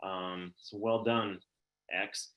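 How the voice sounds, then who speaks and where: A man's voice: low-pitched, fairly even intonation, takes it slowly, a bit bright. A man in his forties hosting a live-streamed story event, upbeat and casual as he reads out audience comments. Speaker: event host.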